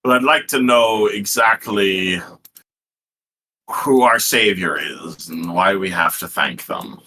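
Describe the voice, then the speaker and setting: Bright-voiced man running a tabletop game. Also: deep voice, slow. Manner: rambling, restarts mid-sentence. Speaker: game master. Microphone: headset or desk mic on a live stream.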